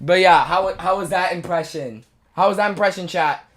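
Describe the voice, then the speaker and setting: Brief: young streamer, quick casual chat, mid pitch. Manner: rapid, chatty, addressing chat.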